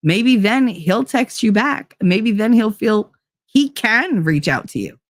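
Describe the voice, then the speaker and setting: A woman hosts a casual talk show and tells a personal story bluntly, with lots of animation and plenty of swearing. Her voice sits at an ordinary middle pitch and is recorded dry and close. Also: expressive, slow, dry recording. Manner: swears freely. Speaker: host. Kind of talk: casual chat.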